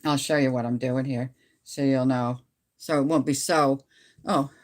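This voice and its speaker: A woman's voice: extremely low pitch, steady tone, measured pace. A middle-aged woman from Canada chatting casually with viewers on a livestream from home on her phone, rambling and laughing often. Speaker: livestream host. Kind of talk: casual live chat with viewers.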